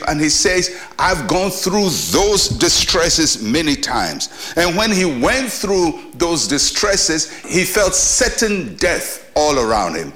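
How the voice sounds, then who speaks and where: Pastor, male, middle-aged, slightly high voice, earnest and emphatic preaching, rhetorical questions. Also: sharp tone. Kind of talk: short devotional sermon.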